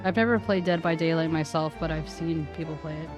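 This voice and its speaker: A woman's voice: low voice, fairly quick, over music. A woman streamer casually chatting between reading game lines. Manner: relaxed, chatty asides. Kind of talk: casual chat over gameplay.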